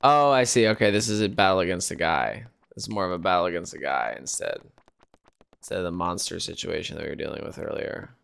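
A man with a gravelly voice streaming a farming game, chatting loosely with viewers. He cracks jokes, swears freely and talks through every move as he figures things out. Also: low-pitched, fast. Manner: jokey, swears often, thinks out loud. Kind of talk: casual Let's Play commentary.

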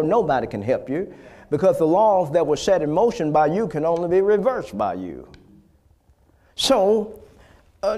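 A male pastor preaching a fervent sermon, repeating phrases and building to loud exhortation. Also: fairly high pitch.

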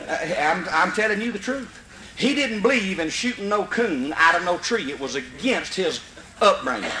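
Folksy Mississippi comedian, high lively delivery with big hollers. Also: male voice, a little hiss or hum, low-quality recording. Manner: animated, folksy, bursts into hollers. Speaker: comedian storyteller. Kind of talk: live comedy storytelling.

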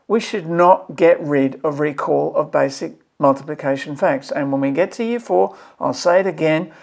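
A man's voice: fairly high pitch, creaky. A man, a maths educator, giving an emphatic and exasperated review of a curriculum draft in a video. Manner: passionate, emphatic, exasperated pleading.

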